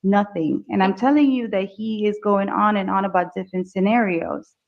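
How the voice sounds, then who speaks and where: A woman's voice: mid-range voice, normal speed. A woman testifying in court, answering politely but defensively. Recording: dull courtroom audio.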